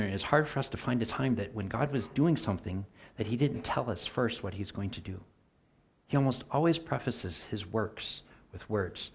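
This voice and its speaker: A middle-aged man preaching a sermon in an earnest voice, swinging from loud emphasis to soft near-whispered asides. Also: medium pitch, husky.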